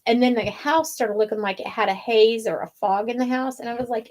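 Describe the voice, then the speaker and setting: A woman's voice: on the high side, brisk, hardly any pauses. A woman co-hosting a craft show, chatting casually and telling a long, rambling story with plenty of fillers. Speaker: wreath-making show co-host. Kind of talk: casual chat.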